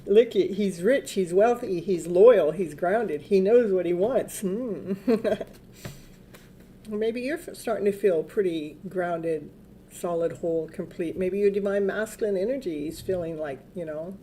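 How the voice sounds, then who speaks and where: Chatty woman reading tarot, mellow voice. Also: medium pitch, measured pace, a little hiss or hum. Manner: chatty, laughing often, coaxing her dog. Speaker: tarot reader.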